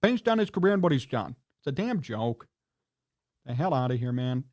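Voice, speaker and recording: A man's voice: mid-range voice, very animated, normal speed, darkish tone. A man hosting a live sports talk show, ranting in a heated, indignant and scolding way. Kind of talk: livestream sports rant.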